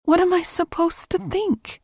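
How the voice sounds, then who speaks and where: A woman's voice: very high voice, fairly even intonation, a little slow, gravelly, darkish tone, no room sound, studio quality, pitched above the performer's own voice, exaggerated voice. A woman voicing a frightened young woman in an audiobook, anxious and pleading. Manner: pleading, anxious, slightly raised. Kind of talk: audiobook character voice.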